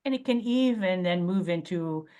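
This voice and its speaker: A woman's voice: fairly low pitch, animated, normal speed, dark tone, clean tone. A woman interviewer asking engaged, conversational questions.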